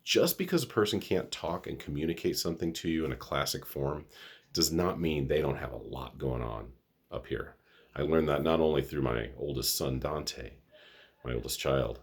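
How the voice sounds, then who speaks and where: A man's voice: extremely low pitch, slightly rough. A middle-aged man hosting his own vlog, talking earnestly and rambling with restarts, a little sniffly. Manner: earnest, rambling, self-correcting. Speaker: vlog host. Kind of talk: casual monologue to camera.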